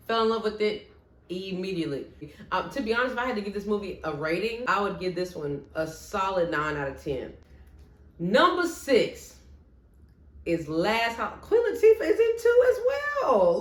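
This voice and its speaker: Woman vlogger, casual movie-ranking chat, very lively intonation, echoey room at home. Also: mid-range voice. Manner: animated and expressive, with playful asides.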